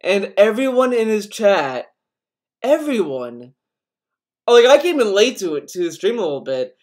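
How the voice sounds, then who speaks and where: High-voiced man ranting casually. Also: very animated, measured pace. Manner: profane, rambling, frequent restarts. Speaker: podcast host reading chat. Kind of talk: casual rambling stream chat.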